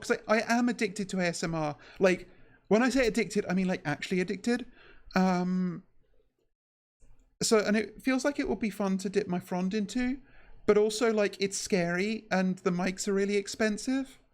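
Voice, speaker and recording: In a casual VTuber stream, a woman talks with a medium-pitched, darkish, slightly shaky voice. Her delivery is halting and nervous, packed with fillers and restarts.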